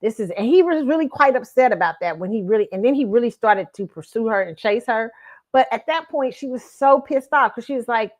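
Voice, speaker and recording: A woman's voice: a little high, animated, fairly quick. A woman hosting her own talk show, giving blunt dating opinions and telling a story, with frequent swearing and restarts. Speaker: show host.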